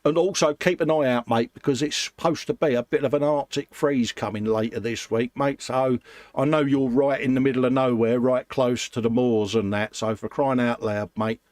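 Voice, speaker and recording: A man's voice: mid-range voice, steady tone, normal speed, dry recording, studio quality. A man hosting a casual livestream chat, greeting viewers and calling them mate. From England. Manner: chatty, warm greetings to viewers, calls people mate. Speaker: livestream host.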